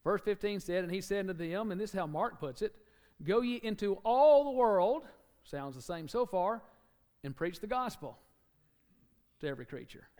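This high-pitched, fairly quick sermon comes from an Alabama preacher with a Southern accent. He alternates loud and soft delivery emphatically, returning again and again to key words.

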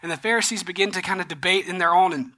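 A pastor preaching a sermon, retelling a Bible story in a casual, animated way with slangy asides. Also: mid-range voice, rapid-fire.

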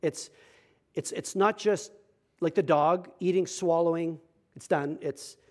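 A young adult man, a pastor, delivers a sermon built around a personal story, moving between quiet asides and loud, emphatic stretches. His voice is fairly high and his pace a little slow.

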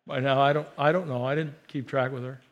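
A middle-aged man preaching a personal, story-driven sermon, talking conversationally and moving between loud emphatic bursts and soft, hushed asides. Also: mid-range voice, steady tone, fairly quick, muffled recording, a little hiss or hum. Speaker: pastor.

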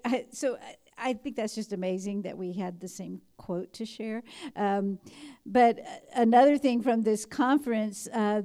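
A woman's voice: a little high, mellow. A woman pastor talking to her congregation in a loose, conversational way, with many restarts. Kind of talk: sermon and announcements.

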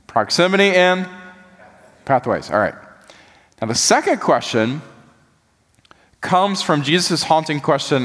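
A man preaching a sermon as pastor, animated and folksy, often dropping his voice soft for emphasis. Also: on the high side. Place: church sanctuary. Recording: long reverb of a church hall.

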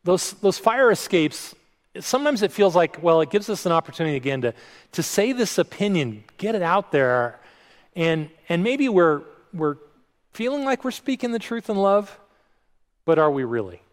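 A middle-aged man preaching a sermon in a relaxed, conversational way, self-deprecating and often restarting his phrases. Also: high voice, moderate pace, big-room sound. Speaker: pastor.

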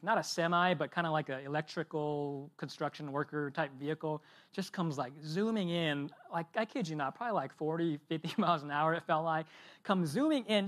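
A man, a pastor, preaching a sermon and telling a personal story in a relaxed, chatty way, full of fillers and asides. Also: high voice. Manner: casual storytelling with many fillers and tag questions.

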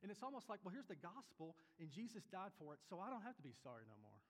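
A man's voice: high voice, very animated, quick pace. A male pastor preaching a sermon in a conversational way, often asking the congregation questions. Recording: long reverb of a hall.

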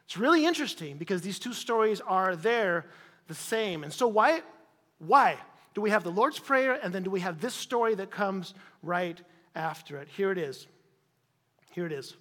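High bright preacher man in reverberant church. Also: lively intonation, moderate pace. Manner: insistent, repetitive preaching with sudden loud peaks. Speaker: pastor. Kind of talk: sermon. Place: church hall.

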